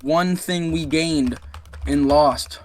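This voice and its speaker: A young man co-hosting a casual podcast reads out news items, tripping over names as he goes. He speaks slowly in a fairly high voice.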